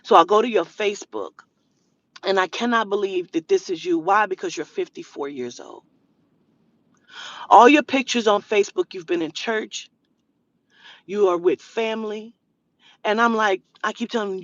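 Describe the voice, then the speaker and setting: A woman's voice: mid-range voice, a little slow, no echo, highs cut off. Profane, indignant woman ranting to camera. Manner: profane, indignant, mimicking the other person. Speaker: spiritual reader. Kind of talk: heated storytime rant to camera.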